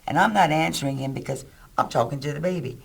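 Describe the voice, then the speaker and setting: A man's voice: on the high side, fast talker, gravelly, husky. A man telling a rescue story in an interview. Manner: lively storyteller. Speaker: volunteer rescuer.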